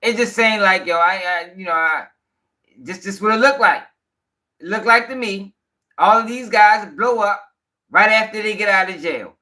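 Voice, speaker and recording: High bright-voiced commentary host. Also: male voice, normal speed. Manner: loose slang, talks straight to viewers. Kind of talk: casual commentary.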